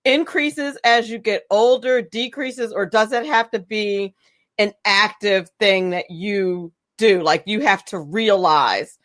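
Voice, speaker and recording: A woman's voice: medium pitch, animated, a little slow, a bit bright, dry recording. A woman radio show host in a casual interview chat, giggly and chatty with stammered restarts.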